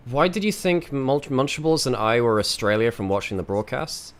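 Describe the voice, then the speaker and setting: A man's voice: medium pitch, animated, moderate pace. A British man hosting an esports stream, chatting casually with frequent stammering restarts. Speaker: esports caster and stream host. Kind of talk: casual live-stream chat.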